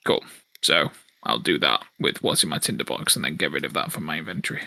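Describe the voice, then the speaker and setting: A man playing a tabletop game, explaining his moves in a hesitant, halting way, full of pauses and restarts. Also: a bass voice, creaky, sharp tone, no echo. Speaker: player. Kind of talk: casual chat during a tabletop game.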